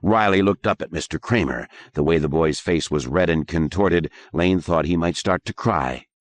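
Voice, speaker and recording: A man narrating an audiobook in a measured, expressive way. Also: low voice, no echo. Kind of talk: scripted narration.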